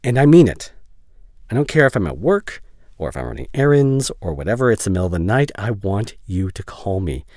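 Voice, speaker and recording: A man voicing a caring young male best friend in a whispered role-play, speaking softly and haltingly with emotional reassurance. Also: low voice, sing-song, no room sound, studio quality, exaggerated voice. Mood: gentle. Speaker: ASMR voice actor. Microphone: studio condenser mic.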